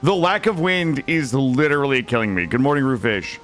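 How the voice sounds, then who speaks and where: A man's voice: medium pitch, fairly quick, fairly bright tone, soft background music. A young man live-streaming a video game, talking anxiously and dramatically to his chat as he plays.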